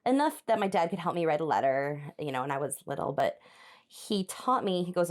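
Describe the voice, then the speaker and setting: A woman's voice: low voice, lively intonation, a little fast. Chatty young woman telling stories. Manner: rambling storytelling, frequent laughs, chatty asides to viewers. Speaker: host of a crafting channel. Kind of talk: casual chat while hand embroidering. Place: home craft space.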